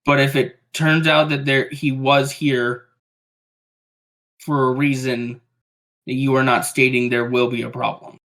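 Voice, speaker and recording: Guarded leader, slow and deliberate, voiced by a tabletop player. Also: medium pitch, little pitch movement, a bit bright. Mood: warning. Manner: measured, wary. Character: cautious guarded leader named Harlow.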